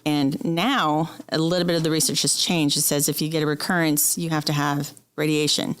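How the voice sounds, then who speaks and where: A woman's voice: low voice, level tone, brisk. A woman guest speaking candidly and with emotion in an interview, telling a personal story.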